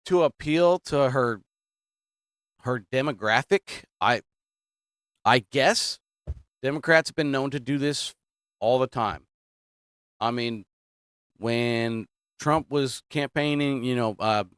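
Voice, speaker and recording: A man's voice: medium pitch, fairly bright tone, smooth, no room sound, studio quality. A man hosting political commentary, talking casually and emphatically, repeating his points and drifting off topic. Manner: repetitive, emphatic, digressing.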